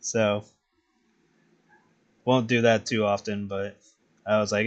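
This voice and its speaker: A man's voice: fairly low pitch, takes it slowly, highs cut off. Laid-back man chatting while drawing. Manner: relaxed, profane, rambling with chuckles. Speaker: streaming artist. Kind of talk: casual chat while drawing.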